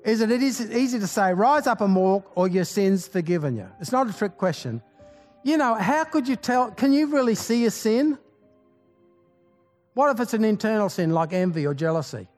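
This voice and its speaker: A man's voice: high voice, expressive, moderate pace, soft background music. A male pastor preaching a sermon, rallying his congregation with rhetorical questions, folksy asides and repeated exclamations.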